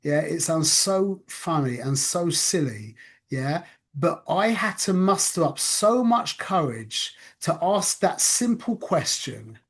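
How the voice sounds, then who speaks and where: A man from North with a somewhat high voice teaches in a conversational way. He speaks earnestly, circles back on his own phrases and keeps asking "yeah?" to check that listeners are following. He is recorded in his office. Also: expressive, slow pace. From North London, England. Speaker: spiritual teacher. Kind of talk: conversational spiritual talk.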